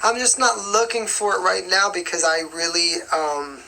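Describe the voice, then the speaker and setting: Young woman singer, bright voice, chatty phone live-stream Q&A, rambling, faint background noise. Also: fairly low pitch, steady tone, moderate pace, vocal fry, low-quality recording. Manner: chatty and rambling, full of "like" and "you know". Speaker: singer answering fan questions.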